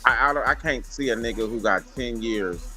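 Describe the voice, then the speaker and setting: A man's voice: medium pitch, brisk, pushed and bright, soft background music, rough recording. A man co-hosting a casual commentary show, giving his opinions bluntly in a slangy way.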